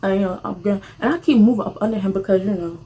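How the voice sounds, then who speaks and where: A young woman, casually telling a rambling storytime while eating, animated and full of slang, jumping to high squeals when excited. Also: racing. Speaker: vlogger.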